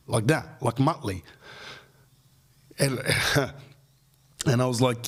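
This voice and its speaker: A man's voice: mid-range voice, takes it slowly, long pauses, husky. A man in his thirties with an Australian accent, a podcast host telling rambling comic stories in a casual, slangy way. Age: 30s.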